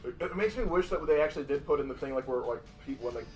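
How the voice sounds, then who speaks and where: A man's voice: on the high side, animated, fast, soft background music. A man chatting casually during a game stream, reading viewer comments and sharing bits of trivia. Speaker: co-host. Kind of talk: casual chat while gaming.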